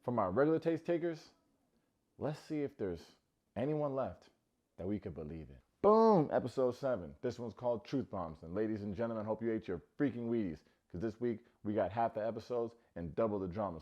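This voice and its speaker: A man's voice: fairly low pitch, lively intonation, fairly quick, mellow, dull audio. A man hosting a comedic TV recap, talking with playful, sarcastic asides. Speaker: recap host.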